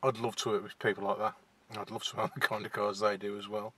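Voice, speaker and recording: A young English vlogger from Wolverhampton, with a West Midlands accent, chats shyly to camera from a parked car. His voice is fairly low, a bit bright and husky, flat in delivery yet fast, and he hesitates constantly with fillers and restarts.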